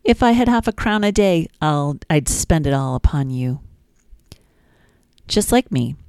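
A woman's voice: sits low, big pitch swings, unhurried, a little mellow, smooth, dry recording. A woman hosting a children's podcast, reading nursery rhymes in a sing-song, playful way with little asides.

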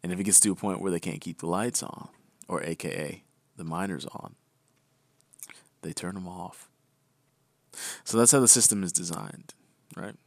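A man's voice: low voice, moderate pace, gravelly, pauses often, dry recording. A man co-hosting a podcast, reading news headlines and explaining them in casual chat, often adding "right?". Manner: reads headlines, then explains loosely with "right?" asides. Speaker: podcast co-host.

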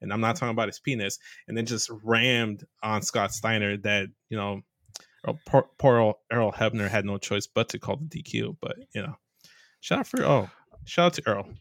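A man of middling pitch recounts a wrestling match with eager, joking energy. His voice sits dry and close to the mic with no room around it. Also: moderate pace, a bit bright, dry recording. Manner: enthusiastic, crude jokes, acts out quotes. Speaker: podcast co-host. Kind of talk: casual podcast chat recapping wrestling.

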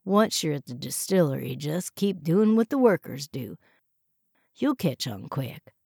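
A woman voicing a gruff, soft-spoken male farmhand with a folksy drawl, in a storybook reading. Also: deep voice, very animated, unhurried, no room sound, studio quality, heavily acted. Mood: low, steady.

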